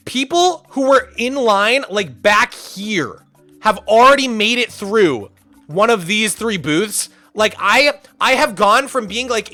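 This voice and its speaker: Animated, ranting male streamer. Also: sits high. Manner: animated, ranting, sarcastic, swings to shouting. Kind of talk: casual storytelling on a livestream.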